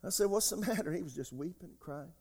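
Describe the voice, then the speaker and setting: A man in his sixties preaching a sermon as pastor, emphatic, jumping between loud outbursts and quiet asides. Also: sits high, lively intonation, fast, breathy edge. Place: church sanctuary. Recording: long hall reverb.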